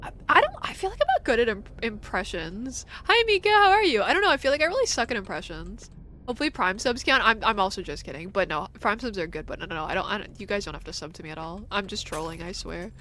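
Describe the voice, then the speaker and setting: A woman's voice: mid-range voice, animated, fast talker, pushed and bright, a little hiss or hum. A young woman streaming a game, chatting casually with her viewers, giggly, teasing and swearing freely. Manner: giggly, profane, teasing toward chat. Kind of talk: casual chat over gameplay.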